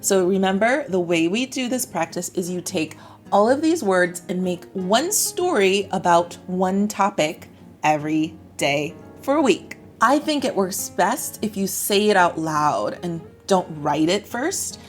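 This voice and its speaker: A woman's voice: mid-range voice, expressive, a little slow, faint music behind. A woman with an American accent teaching English to camera in a chatty, upbeat way. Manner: chatty, upbeat, acts out example phrases. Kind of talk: explaining lesson to camera.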